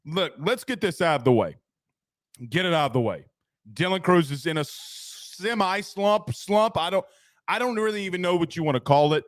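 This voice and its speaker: A man hosting a casual sports talk show, rambling and excitable, laughing at his own jokes. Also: high-pitched, normal speed, no room sound, clean studio sound.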